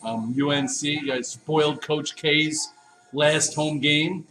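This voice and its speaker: A man from Long Island, hosting a casual morning stock market livestream and giving energetic shout-outs to viewers. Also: on the high side, slow pace, over music, rough recording. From Long Island, New York. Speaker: stock market show host.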